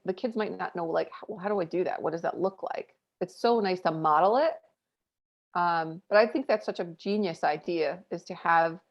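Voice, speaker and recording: A woman in her thirties, a podcast co-host, telling a family story in casual chat, candid and animated with lots of fillers. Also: on the low side, gravelly. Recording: dull lo-fi audio.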